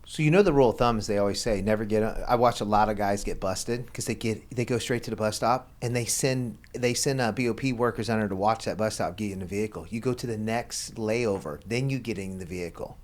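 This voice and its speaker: A man with a low voice hosts a podcast and questions his guest in loose, casual chat. He is blunt and profane and steers the talk with leading questions. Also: fairly quick, few pauses, darkish tone. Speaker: podcast host.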